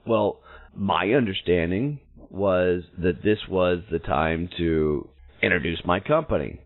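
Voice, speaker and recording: A man's voice: low-pitched, slow. A man hosting a podcast, telling a personal story in a blunt, salty, self-mocking way. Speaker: podcast host. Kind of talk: storytelling monologue. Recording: narrow phone-like sound.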